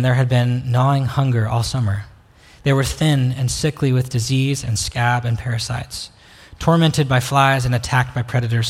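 A man preaching a sermon as pastor, slow and reflective, pausing to invite listeners in. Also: mid-range voice. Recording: long reverb of a hall.

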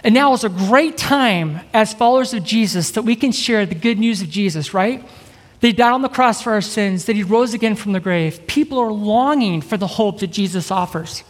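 A middle-aged man with a high voice, an evangelist giving an energetic sermon and keeping a live audience engaged. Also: normal speed. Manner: upbeat, keeps asking the crowd "right?". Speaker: evangelist preacher. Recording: reverberant hall.

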